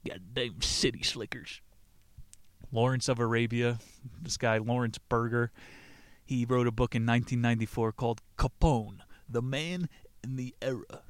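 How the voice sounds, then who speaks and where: A man's voice: mid-range voice, steady tone, moderate pace, no room sound. A man hosting a book podcast, brash and crude, cracking corny jokes and swearing between passages he reads aloud. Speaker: podcast host reviewing books.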